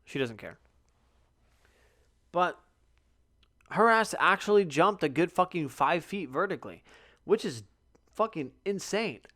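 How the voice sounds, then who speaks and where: A young man hosting a solo podcast, telling stories in a profane, animated way, sometimes sleepy and yawning. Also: fairly high pitch, unhurried, pauses often. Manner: profane, animated storytelling with loud outbursts. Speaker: podcast host. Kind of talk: casual solo podcast monologue.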